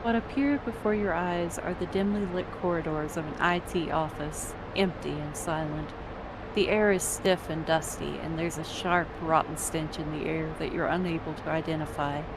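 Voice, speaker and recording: A woman narrating a story in the second person, measured and descriptive. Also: sits low, steady tone, background noise.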